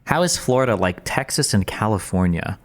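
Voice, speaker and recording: A man's voice: on the low side, expressive, brisk. A man streaming and reacting to clips, rambling in a wry, sarcastic way to his chat at his desk mic. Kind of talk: casual reaction commentary.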